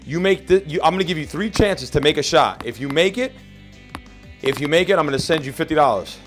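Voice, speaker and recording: A man hosting a gameplay video, brash and profane, joking and bursting into shouts. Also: fairly high pitch, expressive, a little fast, soft background music. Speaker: gaming video host. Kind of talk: casual gameplay commentary.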